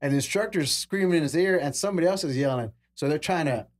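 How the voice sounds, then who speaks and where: A man's voice: a little high, fast talker, no room sound. A man in his forties, a podcast guest, telling firefighting stories in a casual way, acting out other people's lines and swearing freely. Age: 40s. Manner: acts out quoted voices, casual swearing.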